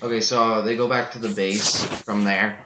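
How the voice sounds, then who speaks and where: A man casually retelling a video to friends, halting often with fillers. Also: on the low side, level tone, noisy background. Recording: muffled lo-fi recording.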